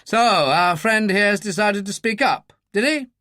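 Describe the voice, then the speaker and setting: Narrator playing an older brigadier, clipped upper-class, wry, lively pitch, dry close recording. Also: measured pace, no echo. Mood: brisk.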